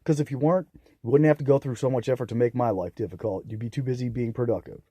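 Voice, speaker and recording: A young man ranting angrily on his own, profane and bitter, swinging into loud outbursts. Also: medium pitch, fast talker, breathy edge, no echo, studio quality. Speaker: vlogger. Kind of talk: angry solo rant to camera.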